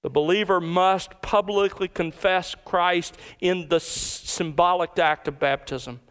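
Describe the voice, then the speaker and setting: Man preaching, high voice, smooth and resonant, emphatic, slows on key words. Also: fairly even intonation, fairly bright tone. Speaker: pastor. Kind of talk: sermon.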